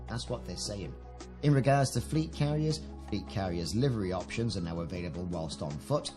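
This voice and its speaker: A British gaming video creator gives casual commentary on a game update, reading out the patch notes and adding chatty, enthusiastic asides. His voice is low and animated at a moderate pace, heard over music.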